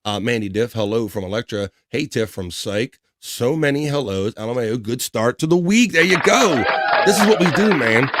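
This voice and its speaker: A man's voice: mid-range voice, background noise. A middle-aged man hosting a casual livestream, reading viewer comments in an upbeat, chatty way with frequent laughs. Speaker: livestream host.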